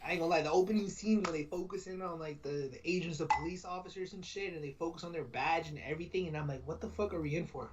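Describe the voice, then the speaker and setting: A young man in casual chat, excitable and rambling, swearing freely. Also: a little high, fast, few pauses, far from the mic, heavy background noise.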